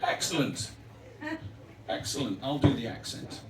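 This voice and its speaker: Heard far from the mic in a roomy space with a noisy background, a man of medium pitch performs his poetry at a measured pace. He chats with the crowd between poems and pokes fun at himself playfully.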